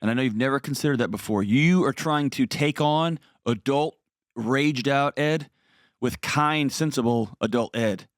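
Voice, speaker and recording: A man's voice: mid-range voice, moderate pace, dry recording, clean studio sound. A man hosting a call-in advice show, talking directly and earnestly to a caller. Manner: earnest, direct coaching with emphatic repetition. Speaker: radio show host giving life advice. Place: studio. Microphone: close studio mic.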